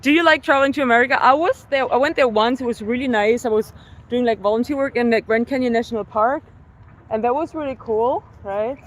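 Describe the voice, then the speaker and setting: A woman live-streaming her outdoor workout, chatting with viewers and counting reps out loud, a little winded at times. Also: fairly high pitch, fairly quick. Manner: chatty, reads viewer comments aloud between sets. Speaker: fitness vlogger. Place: outdoors in a city. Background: faint traffic and street noise.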